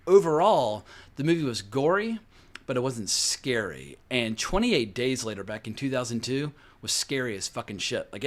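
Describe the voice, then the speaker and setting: A man giving casual box office commentary on films, animated and conversational, with frequent swearing. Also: mid-range voice. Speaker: film commentator.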